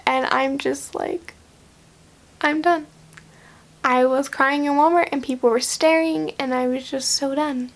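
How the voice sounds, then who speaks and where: A young woman with a high voice tells a personal story straight to her vlog audience. She talks casually and chattily, with lots of "like" fillers and small laughs mixed in. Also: steady tone, slow, a bit bright. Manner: chatty, heavy use of "like"; laughs through her retelling. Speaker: vlogger.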